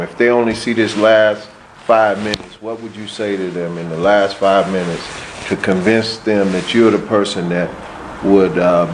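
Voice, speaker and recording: A man's voice: on the low side, slight background noise, poor audio. A man interviewing a political candidate, asking long, winding questions full of fillers and repeated words.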